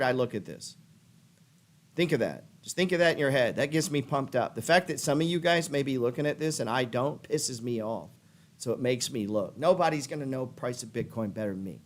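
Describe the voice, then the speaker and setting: A middle-aged man hosting a trading show, ranting in a fired-up, pushy way and swearing freely as he works himself up. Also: medium pitch. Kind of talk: profane motivational rant.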